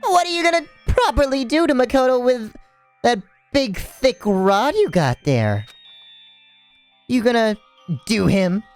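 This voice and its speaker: Man putting on a robot bear mascot, high squeaky voice, gleeful, menacing, teasing. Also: sing-song, measured pace, soft background music, exaggerated voice. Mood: leering.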